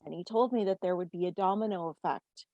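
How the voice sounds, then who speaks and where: Canadian woman relaying messages, mellow voice. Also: fairly low pitch, a little fast, no room sound, lo-fi sound. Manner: steady, relays quotes with "he says". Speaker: medium. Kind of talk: relaying messages in casual chat.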